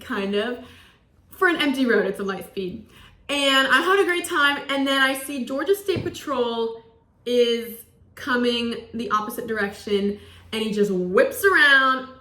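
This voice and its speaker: Bright, chatty young woman telling a story. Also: fairly high pitch. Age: 20s. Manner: chatty, peppered with "like", acts out quoted lines. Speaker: college student. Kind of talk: casual storytelling. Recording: roomy echo.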